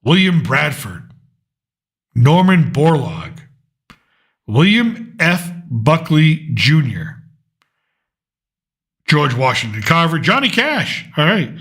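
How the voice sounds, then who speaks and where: A man's voice: a little high, lively intonation, takes it slowly, long pauses, bright, forceful tone. A man hosting a casual political commentary show, thinking aloud and rambling as he reads through lists. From United States.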